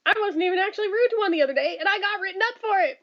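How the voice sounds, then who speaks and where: Speaking very fast in a very high voice, a woman in her thirties chats casually on a home stream and reads viewer comments. Blunt and profane, she laughs a lot and rants, and the audio is dull lo-fi.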